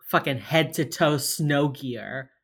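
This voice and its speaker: A woman co-hosting a podcast, casually recapping a TV episode, swearing freely and retelling scenes in quick quoted bits. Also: sits low, breathy edge. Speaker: podcast co-host.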